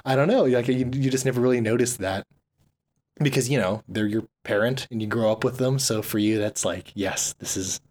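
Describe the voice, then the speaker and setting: A man's voice: mid-range voice, steady tone, fairly quick, darkish tone. A man in his twenties from the United States, talking in a loose, rambling way with lots of fillers and easy laughter. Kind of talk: casual chat.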